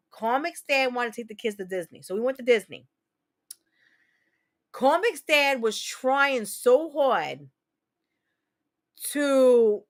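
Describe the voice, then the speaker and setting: A woman from New Jersey hosting a casual livestream chat, talking in a rambling, profane way and quick to launch into rants. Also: high voice. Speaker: livestream host.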